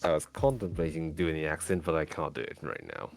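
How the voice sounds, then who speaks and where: A man's voice: extremely low pitch, brisk, vocal fry. A British man who plays in a tabletop game, talking in a dry, mopey way. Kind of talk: casual banter before a tabletop game.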